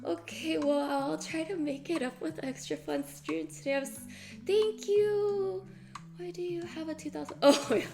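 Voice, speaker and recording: A woman's voice: high-pitched, expressive, normal speed, creaky, warm tone. A woman streamer chatting casually with her viewers, bubbly and effusive, gasping and greeting people by name. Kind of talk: casual live-stream chat. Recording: music playing behind.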